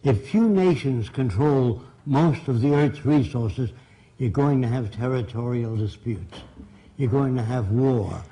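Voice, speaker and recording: Older man, blunt lecturer to a live audience, mellow tone, plain-spoken. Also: mid-range voice, measured pace, poor audio. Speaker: seminar speaker. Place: seminar room.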